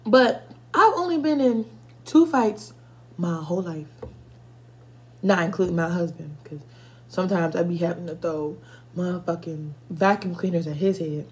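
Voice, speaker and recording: A woman's voice: on the low side, moderate pace, long pauses. A woman in her twenties telling casual, profane stories while eating for a mukbang video, stopping now and then to react to spicy food. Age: 20s. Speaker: mukbang vlogger.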